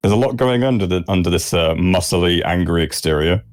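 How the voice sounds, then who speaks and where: Deep-voiced Southern English man. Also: brisk, dry recording. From Southeast England. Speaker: player. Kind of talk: casual chat between game sessions.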